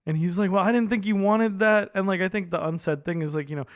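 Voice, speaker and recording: A man co-hosting a movie podcast, talking casually and excitedly, peppering his speech with "like" and the odd swear. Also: sits high, fast, no room sound, studio quality. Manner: animated, heavy use of "like", swears casually. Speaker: podcast co-host.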